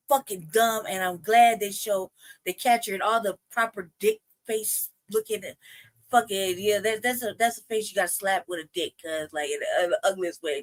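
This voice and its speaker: A woman hosting a livestream, giving a heated, profane rant that circles back on itself as she tries to calm herself down. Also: medium pitch. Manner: profane, heated, repetitive ranting; trying to calm herself down between outbursts. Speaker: livestream host. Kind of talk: ranting commentary livestream.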